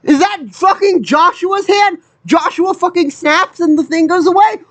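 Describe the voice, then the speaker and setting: An anime reaction host giving casual commentary, swearing constantly and rambling in incredulous outbursts. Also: very high voice. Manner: excited, rapid rambling. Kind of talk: casual reaction commentary, reading subtitles aloud.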